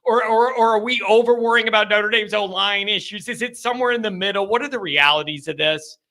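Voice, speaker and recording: Male call-in host, 30s, very bright high voice, jokey. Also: fairly quick. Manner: excitable, jokey, laughs often. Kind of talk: casual call-in chat.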